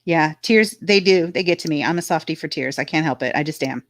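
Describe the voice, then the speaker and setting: A woman's voice: deep voice, fairly quick, no room sound, clean studio sound. A woman casually chatting on a livestream, frank and talkative, reading viewer comments aloud. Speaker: livestream co-host reading chat.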